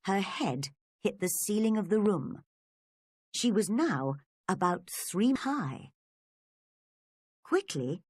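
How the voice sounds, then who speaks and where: A woman narrating a storybook for English learners in a clear, deliberate reading. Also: medium pitch, dry recording, clean studio sound.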